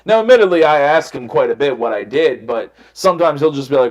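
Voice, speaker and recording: A man's voice: on the high side, expressive, fast, darkish tone, highs cut off. Young male podcast host, candid and profane, rambling storyteller, roomy echoey sound. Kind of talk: casual chat. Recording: roomy echo.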